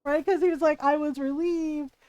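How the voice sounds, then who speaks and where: Brief: high-pitched woman streamer, casual and animated, telling stories with lots of "like". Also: moderate pace, no room sound, lo-fi sound. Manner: animated storytelling, full of "like" and acted quotes. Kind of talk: casual chat while gaming.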